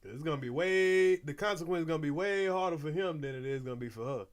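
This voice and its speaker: A man's voice: on the high side, fast talker. A man hosting a reaction video, giving blunt, slangy commentary and warnings. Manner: blunt, preachy, slangy asides.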